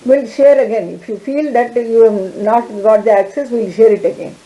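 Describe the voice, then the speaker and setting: A woman teaching an online law class, talking haltingly with many fillers and restarts. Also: fairly high pitch, fairly even intonation, dark tone, echoey room, rough recording.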